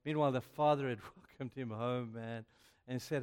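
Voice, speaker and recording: A man's voice: mid-range voice, fairly even intonation, moderate pace, hardly any pauses, darkish tone, clean tone. Male preacher, chatty and emphatic sermon delivery, long hall echo. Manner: emphatic and chatty, keeps saying "you know". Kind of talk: youth sermon. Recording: echoey hall.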